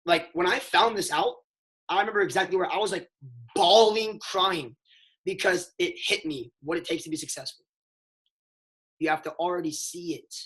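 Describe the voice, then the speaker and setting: An excitable man speaking as a network marketing mentor on a motivational call. His voice sits a little high for a man. He swings between hushed asides and loud, emphatic bursts, and keeps throwing in "bro". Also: moderate pace.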